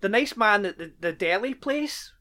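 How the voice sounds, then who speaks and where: A man's voice: high voice, lively intonation, normal speed, pushed and bright. A man co-hosting a podcast, chatting casually about a film with frequent ums and easy chuckles. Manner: laid-back, chuckling, many ums. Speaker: podcast co-host. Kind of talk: casual chat.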